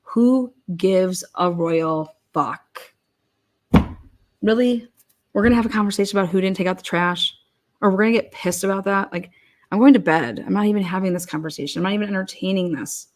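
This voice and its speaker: Speaking a little fast in a mid-range voice, a woman delivers casual commentary that's blunt and full of profanity. She often slips into quoted rants, acting out what others might say.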